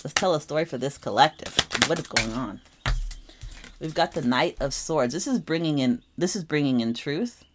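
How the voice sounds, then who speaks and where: A young adult woman giving a casual tarot reading, talking animatedly and repeating phrases for emphasis. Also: low voice. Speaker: tarot reader.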